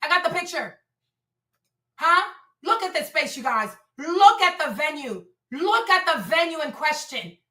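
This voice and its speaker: A woman's voice: high voice, very animated, a little slow, sharp tone, reverberant. A woman hosting a livestream, talking emphatically and repetitively, often stammering and restarting her words. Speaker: livestream host; mother. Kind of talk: heated livestream commentary.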